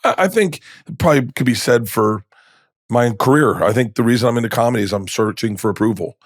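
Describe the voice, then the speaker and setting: Male comedian, podcast guest, animated storyteller, mid-range voice, dry close mic. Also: mid-range voice, fast, no room sound. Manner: animated, acts out the people in his stories. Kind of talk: casual storytelling interview. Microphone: studio podcast mic.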